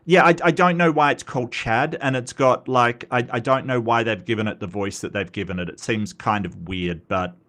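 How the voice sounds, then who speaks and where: A man's voice: medium pitch, moderate pace, few pauses, fairly bright tone. A man hosting a casual commentary video, talking in a rambling, self-deprecating way and often getting sidetracked. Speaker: commentary host.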